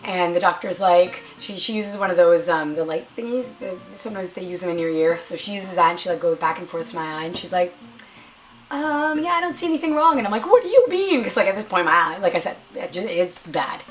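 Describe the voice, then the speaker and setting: A young woman vlogger chatting casually through a storytime, acting out quoted lines in a higher voice and playing up her own drama. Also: fairly even intonation, fast, hardly any pauses, faint music behind.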